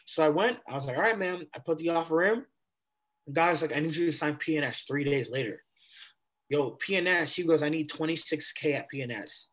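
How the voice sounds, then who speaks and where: Animated young man telling a story. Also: fairly high pitch, fairly quick. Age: 20s. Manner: animated, replays conversations with casual slang. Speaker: podcast guest. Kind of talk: casual storytelling.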